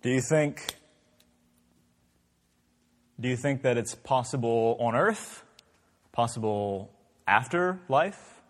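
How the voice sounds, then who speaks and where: A man's voice: medium pitch, slow, long pauses. Man, Bible class teacher, conversational, asks lots of questions, reverberant hall.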